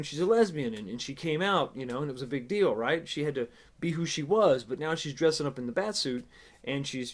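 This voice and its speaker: A man casually reviewing a TV episode in a sarcastic, exasperated, rambling way. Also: a little high. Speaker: TV show reviewer.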